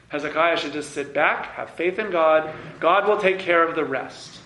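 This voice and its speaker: A male teacher leading a text-study lesson, emphatic and animated, in a fairly high voice. The classroom rings with echo around him. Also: moderate pace, hardly any pauses. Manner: animated and emphatic, reads quotes aloud.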